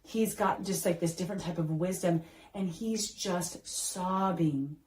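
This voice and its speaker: A woman's voice: on the low side, measured pace, a little mellow, poor audio. A woman in her thirties, a podcast host, telling a heartfelt family story in a casual chat, with lots of fillers and restarts.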